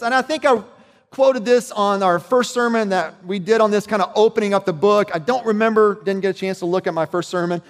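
A man's voice: high voice, a little fast, long reverb tail. A man preaching a sermon as pastor, talking conversationally and checking in with his listeners.

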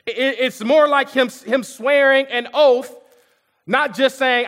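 A man's voice: extremely high pitch, fairly even intonation, measured pace, a bit bright, big-room sound. A male pastor preaching a sermon in a church auditorium, in a conversational way with repetitions and asides to the congregation.

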